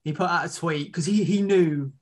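A man co-hosting a podcast, rambling casually with drawn-out asides. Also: a little high. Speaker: podcast co-host.

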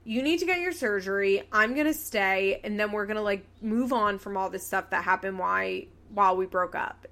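A young woman with a mid-range voice hosts a podcast, recapping a reality show in casual, animated chat. She's sarcastic and quick to swear and laugh.

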